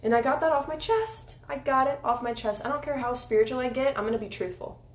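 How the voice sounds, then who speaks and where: A woman's voice: high voice, expressive, fast. Candid chatty woman reading oracle cards. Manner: candid, chatty, encouraging, with soft guided meditation asides. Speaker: oracle card reader and spiritual coach. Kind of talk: casual spiritual card reading. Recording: echoey room with faint ambient noise.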